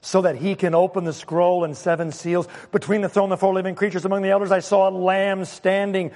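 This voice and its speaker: A pastor with a scratchy throat preaching a sermon, animated and emphatic, with sudden loud exclamations. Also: male voice, sits high, brisk, in a large hall.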